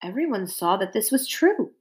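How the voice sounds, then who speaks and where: A woman narrating a storybook aloud in an expressive, dramatic way. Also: medium pitch, normal speed, rough recording.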